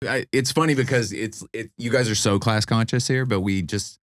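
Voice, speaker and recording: Man, very low voice, smooth and resonant, rambling casual chat, dry close mic. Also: moderate pace, no room sound. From United States. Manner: rambling, loose storytelling with many fillers. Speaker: guest comedian.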